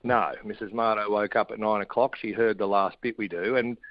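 A man's voice: on the low side, fairly even intonation, a little fast, dry recording. Australian man, middle-aged, easygoing yarn-spinner, remote shed studio, dry and a touch muffled. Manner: laid-back, jokey storytelling. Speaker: radio guest. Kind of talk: casual chat.

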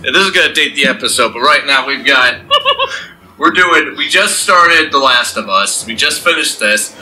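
A man's voice: mid-range voice, wildly swooping pitch, normal speed, bright, forceful tone, a little hiss or hum, poor audio. A man hosting a let's play channel, chatting casually after a game session, rambling with lots of restarts. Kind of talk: casual post-game chat.

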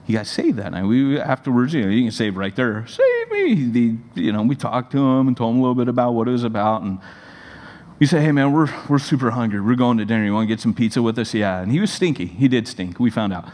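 A pastor telling stories in a sermon, animated and rambling with many fillers. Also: male voice, mid-range voice, quick pace, in a large hall. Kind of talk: sermon storytelling. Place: church hall.

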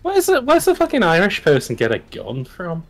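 A man's voice: high voice, huge pitch swings, normal speed, a bit bright. A man co-hosting a casual stream chat, rambling, swearing and joking. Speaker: streamer co-host.

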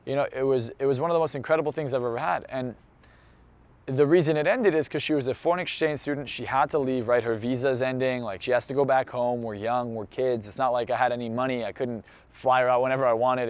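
Young male motivational speaker, earnest storyteller, emphatic, mid-range voice. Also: medium pitch. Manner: earnest and emphatic, building to intense conviction.

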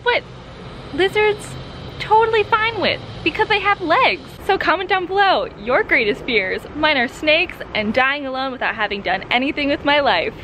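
High-voiced chatty woman book vlogger. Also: moderate pace, a little hiss or hum. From Florida, USA. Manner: chatty and excitable. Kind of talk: casual vlog chat. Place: home, partly outdoors.

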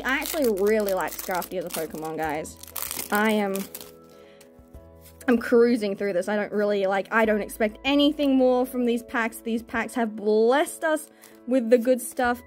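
A young woman chatting casually as she opens card packs on camera, excitable and gushing, squealing over good pulls. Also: on the high side. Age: young adult. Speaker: card-opening vlogger. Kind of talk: casual chat while opening card packs.

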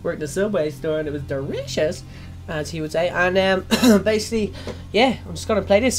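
A young woman giving jokey, excitable let's play commentary, breaking into sudden loud yelps. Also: on the low side, quick pace, faint music behind. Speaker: gaming channel host.

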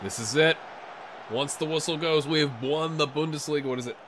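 A man doing a tired but excitable, jokey play-by-play while he plays a game on video, with asides to his viewers. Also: fairly high pitch, a little fast, noisy background. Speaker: gaming YouTuber. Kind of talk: let's play commentary.

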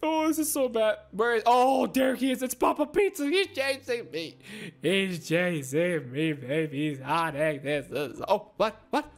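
A woman hosting excited gameplay commentary, squealing and swinging between panic and giggles. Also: mid-range voice, measured pace, hardly any pauses. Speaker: gaming channel host.

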